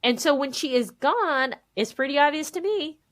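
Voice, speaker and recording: A woman in her thirties, a podcast guest telling her own story in an animated, emphatic way, acting out what others said to her. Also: high-pitched, moderate pace. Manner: animated, emphatic, quotes people in voices. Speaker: podcast guest, memoir author. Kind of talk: candid conversational storytelling.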